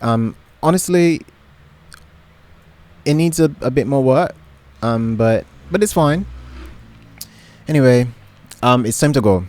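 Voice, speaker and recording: A man's voice: medium pitch, lively intonation, slow pace, long pauses, darkish tone, no echo. A young man from Barbados with a Barbadian accent, chatting to camera from his bedroom in a rambling way, full of ums and restarts. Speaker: vlogger. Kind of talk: casual chat to camera.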